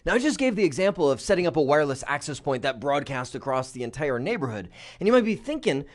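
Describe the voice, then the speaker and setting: Animated, lively male tech instructor. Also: on the high side, fast talker, few pauses. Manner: animated, acts out examples in voices; conversational, uses "right?" and "you know". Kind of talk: technical lecture.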